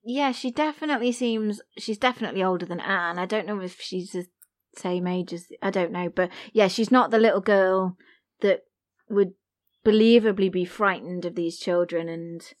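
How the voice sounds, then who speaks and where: A woman's voice: medium pitch, moderate pace. A woman hosting a podcast, chatting about a book and its adaptations in an amused, analytical way. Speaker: podcast host. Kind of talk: casual book discussion.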